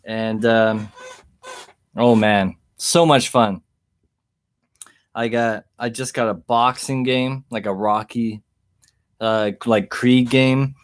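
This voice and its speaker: Slow, rambling man livestreaming. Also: medium pitch, fairly even intonation, clean tone. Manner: rambling and easygoing, chuckles often. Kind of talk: casual livestream chat, reading chat. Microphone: webcam.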